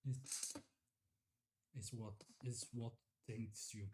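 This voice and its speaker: A man's voice: mid-range voice, steady tone, extremely slow, background noise. A man hosting a casual livestream at home on a desktop USB microphone, chatty and a little apologetic about the sound. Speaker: livestream host.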